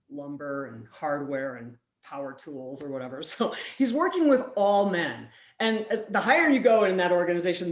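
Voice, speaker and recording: A woman delivers a conference keynote in a lively storytelling manner, trading voices as she acts out both sides of a dialogue. Her voice sits in a middle pitch and carries a roomy echo from the event room. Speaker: keynote speaker. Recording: roomy, echoey hall.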